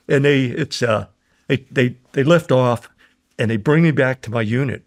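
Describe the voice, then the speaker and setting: Older american guy with a gravelly voice, rambling through war stories, keeps chuckling and doing the other guys' voices. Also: medium pitch, moderate pace. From United States. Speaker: guest, war veteran. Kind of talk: casual storytelling.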